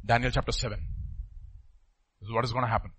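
A middle-aged man preaching a sermon, emphatic, repeating phrases and swinging between loud and soft. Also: mid-range voice, fairly even intonation, quick pace, breathy edge, low-quality recording.

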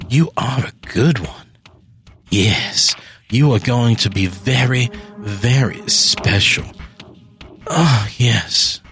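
A man reading a horror story and voicing a seductive, sinister woman in a soft, breathy way, close to his own low voice. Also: takes it slowly, faint music behind. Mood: sultry.

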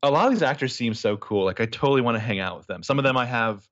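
A man's voice: mid-range voice, fast talker, a bit bright, no echo, muffled recording. A man co-hosting a podcast, chatting casually and animatedly, joking and laughing as he talks. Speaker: podcast co-host. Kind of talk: casual chat.

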